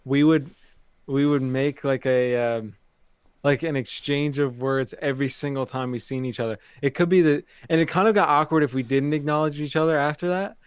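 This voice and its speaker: A young Canadian man co-hosts a podcast, easygoing and casual, telling meandering stories that often restart. His voice is fairly high and clean, at normal speed, in a dry recording.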